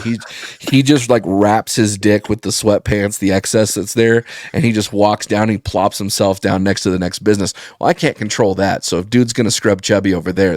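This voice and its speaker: A man telling a rambling, profane story in casual podcast chat, getting animated when he quotes people. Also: on the low side, dry recording, studio quality. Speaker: podcast guest.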